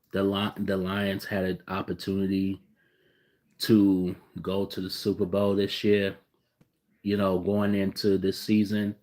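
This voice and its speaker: Fired-up man ranting casually. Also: on the low side. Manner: profane, swings between loud outbursts and muttering. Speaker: sports fan vlogger. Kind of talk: casual reaction rant.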